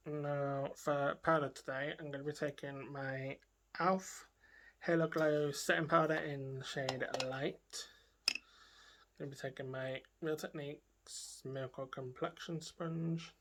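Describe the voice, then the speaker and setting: A woman beauty vlogger chats casually through a makeup tutorial, talking to herself and trailing off into murmured asides as she works. Her voice is low-pitched and steady, her pace a little slow.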